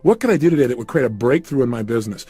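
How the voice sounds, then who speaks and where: Man, motivational talk, husky mellow voice, emphatic repeated questions, faint music behind. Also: medium pitch, lively intonation, very fast, no room sound. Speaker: motivational speaker.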